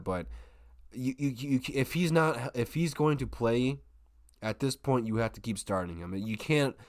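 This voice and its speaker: Clean studio sound, a dry recording, and a desk microphone capture this man's lowish voice. He hosts a live basketball watch-party stream as a sports streamer, talking casually with viewers and often starting his sentences over.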